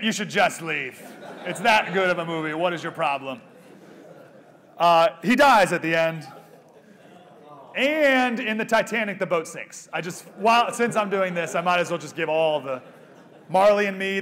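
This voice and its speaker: A man in his thirties speaks to a live audience with a slightly high voice. He is animated, jokes with the crowd, and sometimes drops to a soft, hushed tone. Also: moderate pace. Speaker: speaker at a pro-life event. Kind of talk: live motivational speech to an audience. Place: event venue with a live audience.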